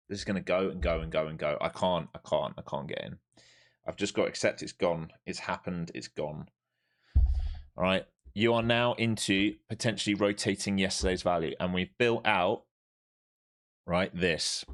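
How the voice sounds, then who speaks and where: A man doing live trading stream commentary, animated and swearing freely as he talks through the chart. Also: low-pitched. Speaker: live-stream day trader.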